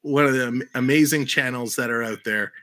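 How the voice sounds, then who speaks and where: A man's voice: medium pitch, brisk, a bit bright. A man hosting a livestream in casual chat, upbeat and laughing often. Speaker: livestream host.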